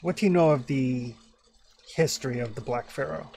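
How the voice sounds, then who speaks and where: Male GM playing a solemn male keeper of occult books, measured delivery. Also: mid-range voice, gravelly, darkish tone, lightly acted.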